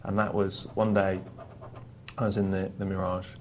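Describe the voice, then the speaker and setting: Male co-host, lowish voice, thoughtful explainer, faint hiss behind. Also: little pitch movement, normal speed. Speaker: poker show co-host. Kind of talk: live on-air poker talk.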